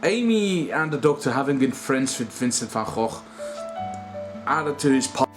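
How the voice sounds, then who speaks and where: A man in his thirties giving a casual spoken review, animated and self-deprecating, laughing often. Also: mid-range voice, unhurried, over music. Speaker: video reviewer.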